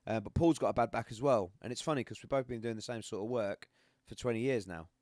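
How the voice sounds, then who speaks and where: A man's voice: mid-range voice, fast talker, darkish tone, no room sound. Middle-aged northern English man, live-stream host; rambling and chatty, very dry close sound. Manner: rambling, chatty, laughs often. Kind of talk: casual chat. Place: home room.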